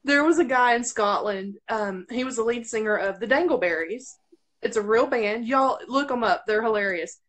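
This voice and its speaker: A woman from Arkansas, USA, with a Southern accent and a fairly high voice speaks at a normal speed. She's a radio host chatting casually on a live stream over a video call, giggling as she goes.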